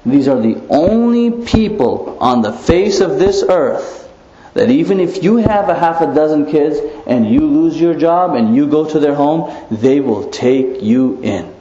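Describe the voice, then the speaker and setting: A man giving an Islamic lecture, animated, asking rhetorical questions and tossing in playful asides. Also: medium pitch. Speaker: preacher. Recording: echoey muffled room recording.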